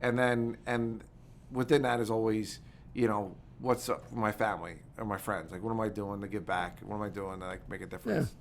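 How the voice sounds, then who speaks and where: A man, talking as a podcast guest in a quick, animated, filler-heavy way. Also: lowish voice, gravelly, slight background noise. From United States. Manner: rapid, animated storytelling with many fillers. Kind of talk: casual interview talk.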